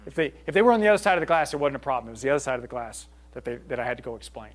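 Earnest and loose, a middle-aged man runs an informal group talk, taking questions and frequently checking how his listeners are following. He has a mid-range, expressive voice and a rapid-fire delivery.

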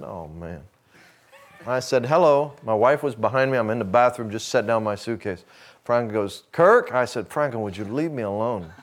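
A middle-aged man with a drawl gives a folksy sermon at a mid-range pitch. He acts out the conversations in his stories and sinks into soft, hushed tones when he quotes someone. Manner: folksy storyteller, acts out dialogue, drops to a hush for quotes. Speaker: speaker addressing a men's gathering. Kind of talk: sermon with personal story.

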